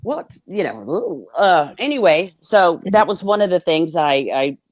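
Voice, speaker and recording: A woman's voice: low-pitched, animated, unhurried, dry recording, studio quality. A woman guest telling her story candidly on a video call. She swears freely and acts out the lines of the people in it. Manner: blunt, swears freely, acts out quoted dialogue.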